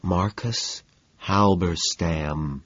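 A man voicing a cool, calculating wealthy young man who speaks calmly and tersely, at times in a whisper, in a slightly muffled recording. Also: mid-range voice, a little slow, breathy edge, no echo, voice pushed up. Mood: calm, guarded. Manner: calm, clipped, sometimes whispered.

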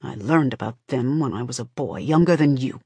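A woman reading an audiobook, voicing a bitter, haunted father with a low, tight, simmering anger. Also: lively intonation, fairly quick, darkish tone, husky, no echo, full character voice.

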